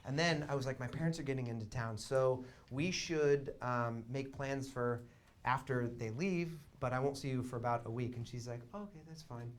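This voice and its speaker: A young man doing stand-up storytelling in a small theater, swinging between quiet asides and loud excited bursts. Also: mid-range voice, moderate pace, a little hiss or hum. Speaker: comedian.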